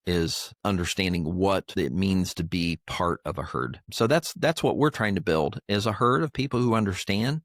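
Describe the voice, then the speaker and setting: Older male co-host, low, sincere storyteller, dry close mic. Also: no room sound. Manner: earnest, faith-filled, gets emotional. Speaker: podcast co-host. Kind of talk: heartfelt storytelling chat.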